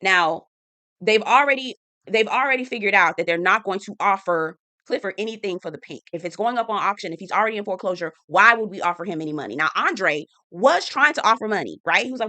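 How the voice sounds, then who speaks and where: A woman chatting through a casual TV episode recap, animated and slangy with sassy asides. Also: mid-range voice, quick pace, dry recording. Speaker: TV recap host.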